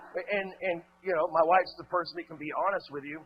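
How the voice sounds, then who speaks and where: A man's voice: on the high side, fairly even intonation, a little fast, hardly any pauses. A man in his forties giving a blunt, profane motivational speech on stage, telling stories with asides. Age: 40s. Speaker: keynote speaker. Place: conference room stage. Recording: muffled, faint hum.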